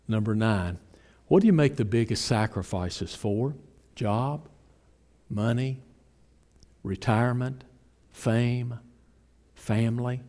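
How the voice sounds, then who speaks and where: A man's voice: mid-range voice, mellow. A male pastor preaching a sermon, asking his congregation pointed rhetorical questions.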